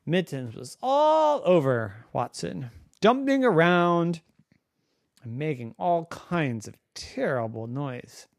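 A man tells an improvised bedtime story slowly and gently, his voice rising and falling in a lively, playful way. The sound is close and dry. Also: mid-range voice, no room sound.

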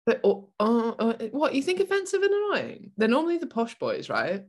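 A woman's voice: fairly high pitch, huge pitch swings, brisk, a little mellow. A British woman co-hosting a podcast, reading listener comments aloud in a casual, slightly hesitant way. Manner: easygoing, hesitant with fillers, self-deprecating.

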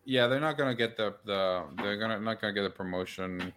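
A man's voice: lowish voice, a little fast, crowd noise. A man hosting a podcast, chatting casually about a TV show, rambling with frequent restarts. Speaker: podcast host. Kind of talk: casual chat.

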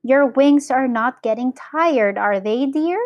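A woman's voice: high voice, takes it slowly, no room sound, pitched above the performer's own voice. A woman voicing a middle-aged father in a storybook reading, in a plain, matter-of-fact way. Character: gruff middle-aged father, shrunk tiny.

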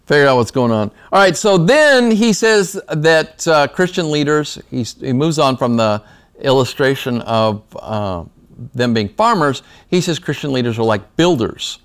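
A man's voice: mid-range voice, expressive, measured pace, smooth. A man teaching a Bible study class in a small room, talking conversationally with a slight lisp from retainers and often checking in with the class.

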